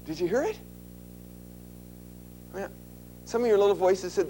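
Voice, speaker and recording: A man's voice: sits high, animated, brisk, long pauses, a little mellow, a little hiss or hum, rough recording. A man giving an instructional talk to an audience, conversational and emphatic, often asking questions. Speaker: lecturer.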